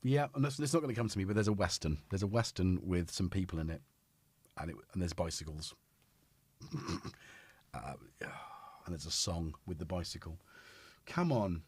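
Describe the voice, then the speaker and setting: A man's voice: low voice, normal speed, long pauses, a little mellow, husky, dry recording. A middle-aged man hosting a casual livestream, rambling and chatty and talking to his cat between thoughts, on a studio microphone. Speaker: livestream host. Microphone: studio dynamic microphone.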